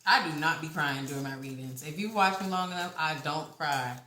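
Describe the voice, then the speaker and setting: A young woman giving a casual tarot reading, talking in a halting, rambling way with the odd swear word. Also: deep voice, pushed and bright, reverberant, a little hiss or hum. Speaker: tarot reader.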